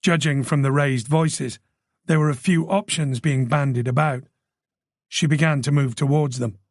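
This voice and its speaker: A man reading a thriller audiobook in measured, scripted narration. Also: on the high side, no room sound, clean studio sound. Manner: measured, even storytelling.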